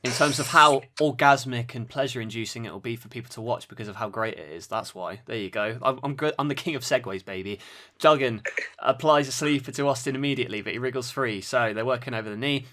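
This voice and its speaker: A man's voice: mid-range voice, a little fast, pushed and bright. A man hosting a wrestling podcast, giving dry play-by-play with sarcastic asides. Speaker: podcast host. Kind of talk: wrestling match review commentary.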